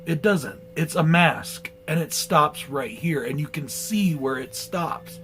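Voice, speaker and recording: A man's voice: a little high, animated, slow, fairly bright tone, slight background noise, poor audio. A man giving a blunt, profane movie review in a casual rant.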